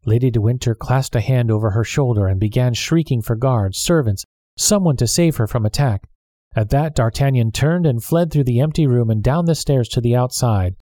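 A man reading a storybook aloud in a calm, steady manner. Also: medium pitch, normal speed, no echo, studio quality. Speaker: narrator. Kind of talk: storybook narration.

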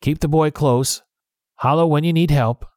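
A man voicing a brisk, stern male doctor in a storybook reading, raising his voice for the part. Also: on the high side, darkish tone, no echo, studio quality, voice pushed up, lightly acted. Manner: brisk, clipped.

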